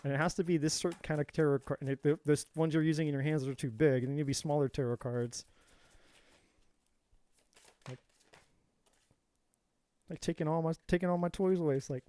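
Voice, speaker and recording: A man runs a casual live tarot reading in a voice pitched a bit above the usual male range. He rambles and jokes, drifts into side stories, and speaks straight to viewers by name. The sound is close and dry, with no room echo. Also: fairly quick, long pauses, dark tone. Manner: rambling and jokey, going off on tangents; addresses viewers directly by name. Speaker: tarot reader hosting a live stream.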